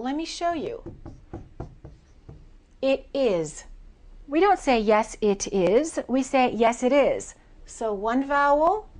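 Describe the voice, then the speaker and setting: Slow, deliberate American woman teacher. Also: on the high side. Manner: slow, deliberate, over-articulated demonstrations. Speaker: accent reduction trainer. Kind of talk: pronunciation lesson.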